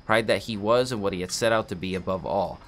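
A man playing through a game, reading a book aloud deliberately with small restarts, then making casual asides. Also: lowish voice, slight background noise. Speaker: game walkthrough player.

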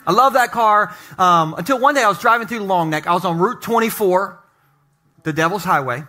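A male pastor preaching to his congregation, telling humorous personal stories with animated asides. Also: high voice, brisk, slight background noise. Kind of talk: sermon. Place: church sanctuary.

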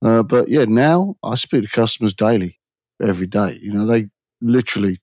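English-accented man, low and husky, easygoing storyteller, dry podcast sound. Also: animated, a little fast, a little mellow, dry recording. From England. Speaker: auto repair shop owner. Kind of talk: casual chat.

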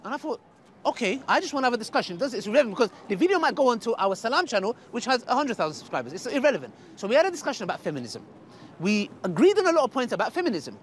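A man hosting, talking casually to camera outdoors in a halting, conciliatory way. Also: extremely high pitch, sing-song. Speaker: host, debater. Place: outdoor public park. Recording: crowd noise outdoors.

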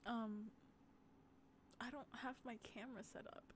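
A playful woman streamer talks slowly and unhurriedly in a fairly high voice, giggling and teasing between rounds of a game. A faint hum of room noise sits behind her. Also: fairly even intonation. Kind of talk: casual gaming stream chat.

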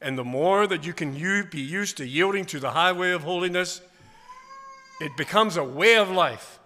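Man, revival preacher, high voice, sharp forceful tone, quiet asides then loud emphatic bursts, long church reverb. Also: normal speed. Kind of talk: revival sermon. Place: church sanctuary.

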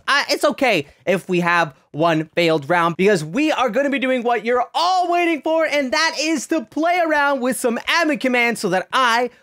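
A woman giving excitable gameplay commentary as a gaming YouTuber, often bursting into shrieks and yells. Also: medium pitch.

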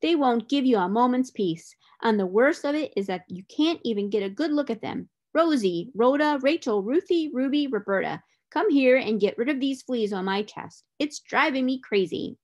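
A woman voicing a huge, fierce male gorilla in a storybook, talking loudly and gruffly and making demands. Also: on the high side, expressive, normal speed, few pauses, highs cut off, voice pushed up. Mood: irritated.

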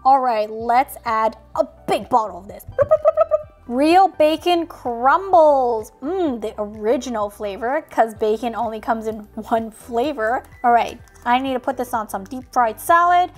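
A woman's voice: fairly high pitch, expressive, unhurried, hardly any pauses, soft background music. A woman hosting a toy unboxing video, narrating in a silly, playful way and making sound effects.

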